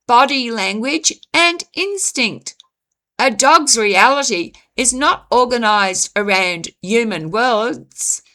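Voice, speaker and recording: Slow, bright-voiced woman musing aloud. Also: a little high. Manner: measured, deliberate delivery with frequent pauses. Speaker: channel host reading her own essay. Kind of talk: slow reflective commentary narration.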